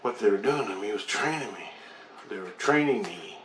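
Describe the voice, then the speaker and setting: A man's voice: fairly low pitch, lively intonation, normal speed, fairly bright tone. A middle-aged man telling a long personal story in a rambling, profane, intense way. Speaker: vlogger telling his own experience. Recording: echoey room with faint background noise.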